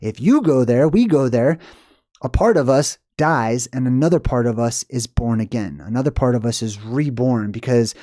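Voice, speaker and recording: A man's voice: medium pitch, normal speed, dark tone, no echo, clean studio sound. A man talking through a film scene by scene in a loose, rambling monologue, often repeating himself and acting out lines of dialogue. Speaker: movie commentator. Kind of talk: casual film analysis monologue.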